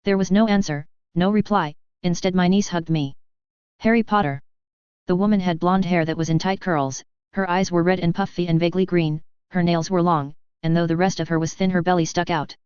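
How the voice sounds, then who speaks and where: Woman narrator, steady storybook read, smooth low voice, muffled lo-fi sound. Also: fairly quick, no echo. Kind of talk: fan fiction audiobook reading. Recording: dull dry lo-fi audio.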